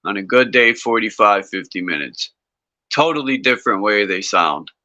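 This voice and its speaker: Bright-toned man, blunt and chatty. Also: lowish voice, lively intonation, normal speed, no room sound. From northeastern United States. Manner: blunt, swears casually, chatty. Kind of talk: casual chat. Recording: dry, dull lo-fi call audio.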